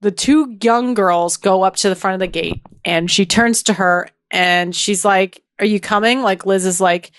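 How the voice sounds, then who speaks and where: A woman talks through a show's plot on her podcast, gushing and animated, breaking into laughs. Her voice sits at a middle pitch and sounds dry and close to the mic. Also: measured pace, hardly any pauses, dry recording. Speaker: podcast co-host. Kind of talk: casual recap chat.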